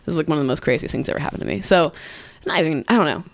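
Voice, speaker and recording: Rambling, giggly young woman, low voice. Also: animated, rapid-fire, creaky. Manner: rambling, giggly, many "like"s and restarts. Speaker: podcast co-host. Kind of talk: casual storytelling chat.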